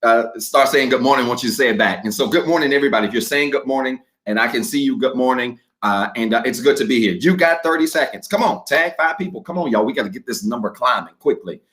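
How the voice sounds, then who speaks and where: Male pastor, mid-pitched, lively, direct address to online viewers, slow measured reading. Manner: energetic, talks to viewers directly. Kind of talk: livestreamed sermon.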